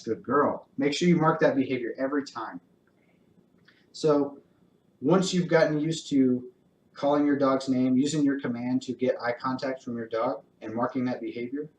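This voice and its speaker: Calm man teaching in an echoey room. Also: mid-range voice, far from the mic, a little hiss or hum. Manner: calm, encouraging, explains step by step. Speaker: dog trainer. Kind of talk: instructional talk with live demonstration. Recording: roomy echo.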